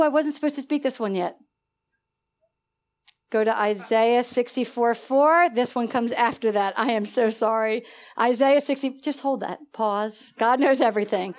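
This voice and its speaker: High-pitched female preacher, emphatic and lively, drawing answers from the congregation. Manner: animated, emphatic call-and-response preaching with laughter. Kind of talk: sermon. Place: church sanctuary.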